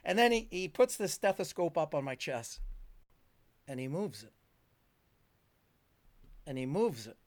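A man's voice: on the high side, big pitch swings, measured pace, pauses often, no echo. Older man, rambling storyteller. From Canada. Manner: rambling, chuckling, full of fillers. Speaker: guest. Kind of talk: storytelling in a conversation.

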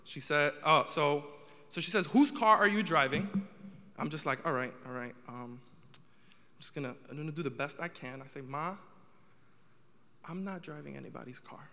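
A man's voice: a little high, normal speed, gravelly, pauses often, bright, forceful tone, long reverb tail. A young man doing a stand-up comedy set, telling a story with rising exasperation.

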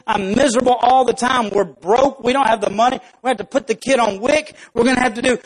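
A man's voice: extremely high pitch, fast talker, husky, pitched above the performer's own voice, rough recording. A man voicing a weary, complaining pregnant woman. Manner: tired, self-pitying complaints.

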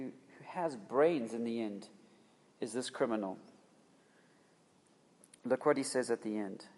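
This sermon comes from a man whose medium-pitched voice is a little mellow. He speaks emphatically but conversationally, often starting phrases over, and the recording carries the long reverb of a hall.

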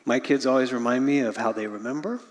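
Earnest male pastor in a reverberant hall. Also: fast. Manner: earnest, often dropping to a hushed low voice at phrase ends. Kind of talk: sermon. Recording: long reverb of a large hall.

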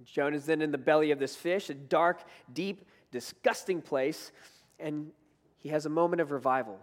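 A fairly high-voiced man delivers a sermon, earnest and conversational, pressing harder on his key points. His voice rings with the long reverb of a large church hall. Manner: earnest, conversational preaching with rising emphasis. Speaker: preacher.

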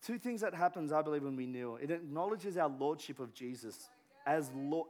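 A pastor preaching a sermon in a conversational way, full of fillers and restarts, dropping to a hush and rising to a shout. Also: male voice, a little high, expressive, normal speed. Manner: conversational, many filler words and restarts, swings from hushed to shouting.

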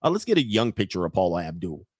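A man's voice: low-pitched, big pitch swings, fast talker, slightly rough, dry recording. Mocking slangy man, dry close sound. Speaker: commentator reacting to photos. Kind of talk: casual on-screen commentary.

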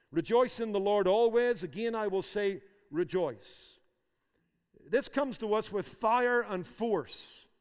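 Male pastor, high-pitched, emphatic sermon delivery, long reverb. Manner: emphatic, repeats phrases for force.

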